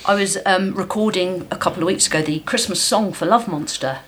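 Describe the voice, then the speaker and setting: A woman's voice: fairly low pitch, a little fast, fairly bright tone, a little hiss or hum. A woman puppeteer and voice actor chatting as a podcast guest, effusive and gushing. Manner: effusive and gushing, repeats her praise. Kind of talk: casual chat.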